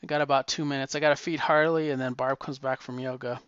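A man's voice: mid-range voice, steady tone, fast talker, a bit bright, clear, resonant tone, dry recording, highs cut off. A man hosting his own show, rambling casually and eagerly retelling stories with quoted lines. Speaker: comic book podcast host.

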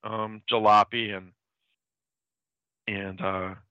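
A man casually retelling old film plots as a host, halting and restarting often. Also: lowish voice, level tone, pushed and bright, smooth, dry recording. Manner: halting, with frequent restarts and repeated words. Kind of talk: casual chat. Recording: dry, tinny phone-like sound.

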